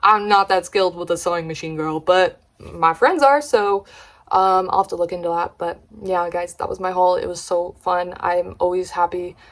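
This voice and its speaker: A woman's voice: on the low side, fairly even intonation, normal speed. A young woman vlogger chatting casually, retelling a story with slang and gossipy asides.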